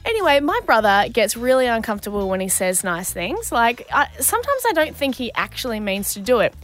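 A woman with an Australian accent co-hosting a radio show, telling stories in an animated, chatty way and acting out the quotes. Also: a little high, brisk, soft background music. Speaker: radio co-host. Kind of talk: casual radio banter.

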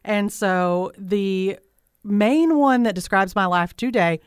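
A radio co-host talks through her song picks in an easy, chatty way. Her voice is smooth and clear, with a medium pitch, recorded dry on a studio mic. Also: slow, no room sound. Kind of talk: casual chat. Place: broadcast studio.

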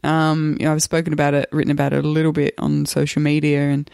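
A woman hosting a podcast in casual chat, her voice croaky and hoarse from the flu, laughing often between fillers. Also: deep voice, completely flat delivery, fast, darkish tone, no echo, studio quality. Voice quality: hoarse, gravelly. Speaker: podcast host.

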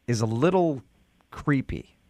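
A man who is a radio host making a prank phone call in a blunt, needling, deadpan way, recorded in a studio. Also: mid-range voice, unhurried.

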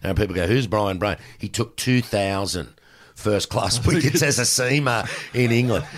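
An Australian man in his sixties, a former cricketer, telling animated stories in casual chat and swearing freely. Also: mid-range voice, moderate pace. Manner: animated, acts out exchanges in raised voice, swears freely. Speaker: podcast guest, former cricketer.

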